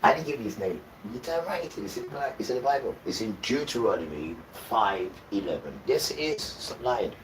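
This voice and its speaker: Man host, rambling scripture talk, low voice, sits back from the mic with steady noise behind, jumps from mutters to shouts. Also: fairly quick, few pauses, far from the mic, rough recording. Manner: rambling, swings from mutters to loud outbursts. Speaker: livestream host. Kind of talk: informal scripture talk on a livestream.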